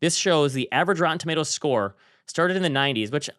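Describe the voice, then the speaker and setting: A man co-hosting a podcast, telling stories in animated, chatty banter. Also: a little high, quick pace, no echo, clean studio sound. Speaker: podcast co-host. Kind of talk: casual chat.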